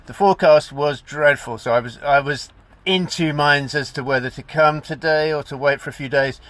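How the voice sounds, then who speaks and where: A man's voice: mid-range voice, a bit bright, dry recording. A man talking casually to camera as a cycling vlogger, in a rambling, self-correcting way, from a camper van and the roadside. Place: camper van and outdoors by the road. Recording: noisy outdoor traffic background.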